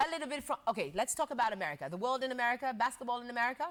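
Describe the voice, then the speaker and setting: A woman's voice: a little high, very fast. Woman host, bouncy up and down voice, keeps restarting questions. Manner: lively, repeats and restarts questions, many short okays. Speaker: interview host. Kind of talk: casual chat interview.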